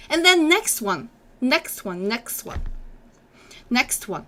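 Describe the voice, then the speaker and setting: Young woman teaching korean live, high bright voice, says each sound again and again, cheers on the chat. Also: very animated, slow pace, a little hiss or hum. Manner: drills sounds by repeating them many times; encouraging, reads chat comments aloud. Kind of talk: live-streamed language lesson.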